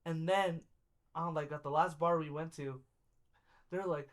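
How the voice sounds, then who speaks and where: A man's voice: fairly high pitch, normal speed, a bit bright. A young man co-hosting a casual podcast, telling a story with lots of laughter and quoting his friends in their voices. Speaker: podcast co-host. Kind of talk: casual chat.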